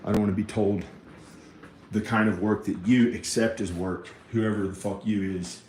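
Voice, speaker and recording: Guy mumbling and ranting to himself, lowish voice, noisy background. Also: fairly even intonation, moderate pace, a little mellow. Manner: mutters to himself, then rants bitterly. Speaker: vlogger. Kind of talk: rambling monologue to camera. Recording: echoey room with background noise.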